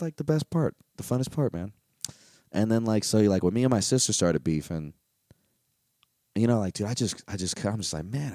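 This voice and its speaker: A man's voice: mid-range voice, mellow, dry recording, clean studio sound. A young man hosting a solo podcast, talking in a rambling, candid, profane way with lots of fillers. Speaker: podcast host. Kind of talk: casual solo podcast monologue.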